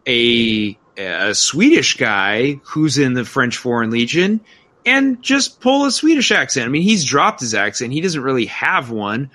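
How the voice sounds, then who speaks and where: A man in casual film review chat, animated and incredulous, rambling with many restarts. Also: medium pitch, unhurried. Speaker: podcast co-host.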